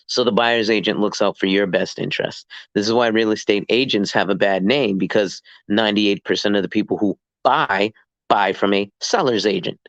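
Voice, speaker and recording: A man, a licensed real estate agent, explaining the business in a casual chat and acting out deals in quick asides. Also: fairly low pitch, no room sound, muffled recording. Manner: animated, acts out dialogue in quick asides.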